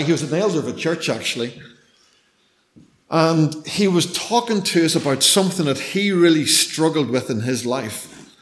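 Middle-aged male preacher, storytelling sermon, swings from emphatic to hushed. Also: on the high side. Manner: storytelling, shifts between loud emphasis and hushed near-whispers.

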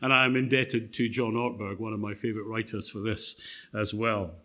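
Bright-voiced man preaching a sermon. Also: on the low side, level tone. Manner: conversational, halting with fillers and restarts. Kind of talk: sermon with personal story.

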